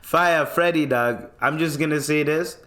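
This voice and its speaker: A man's voice: fairly high pitch, a little slow, sharp tone. Male podcast host, young, from Canada; casual monologue, crude humor, heavy swearing. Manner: crude, joking, swears freely.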